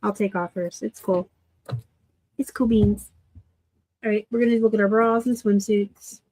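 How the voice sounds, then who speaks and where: A woman from Arizona hosting a casual live unboxing of thrift finds, chatty and quick to laugh at herself. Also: mid-range voice, steady tone, warm tone, no echo. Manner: chatty, laughs easily, self-deprecating asides. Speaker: reseller host.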